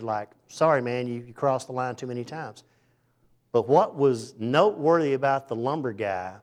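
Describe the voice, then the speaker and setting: A middle-aged man giving an informal faith talk, rambling and folksy, who acts out the people in his stories. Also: mid-range voice. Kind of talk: informal sermon with storytelling.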